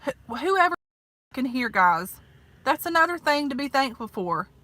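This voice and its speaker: A woman's voice: high voice, big pitch swings, unhurried, sharp tone, no room sound. Chatty Southern woman in her thirties. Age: 30s. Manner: chatty and folksy, peppered with "honey" and "like". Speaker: vlogger. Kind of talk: casual eat-with-me vlog chat. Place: parked car.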